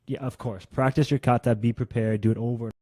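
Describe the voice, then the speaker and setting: A man's voice: medium pitch, steady tone, quick pace, dark tone, dry recording. A man co-hosting a podcast, a former competitive athlete, talking in an easygoing, agreeable way with frequent "yeah". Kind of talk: casual podcast chat.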